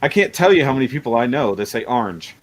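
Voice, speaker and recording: A man's voice: medium pitch, sing-song, fast, low-quality recording. A man hosting a casual livestream chat, rambling and laughing often. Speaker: livestream host.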